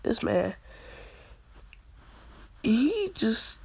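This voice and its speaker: A woman's voice: fairly high pitch, big pitch swings, extremely slow, gravelly, breathy edge. A woman casually telling a fan-made story in slang, laughing often.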